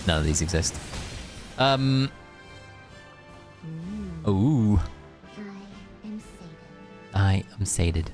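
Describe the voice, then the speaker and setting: A man's voice: sits low, lively intonation, extremely slow, pauses often, darkish tone, soft background music. A British man chatting casually on a live game stream, playful and musing aloud as he talks.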